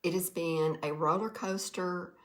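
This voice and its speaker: A woman's voice: on the low side, steady tone, measured pace. A woman, chatting on a livestream, tired and nervous, folksy, greeting viewers by name. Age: 60s. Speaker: direct sales livestreamer. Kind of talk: casual livestream talk to viewers. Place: quiet room.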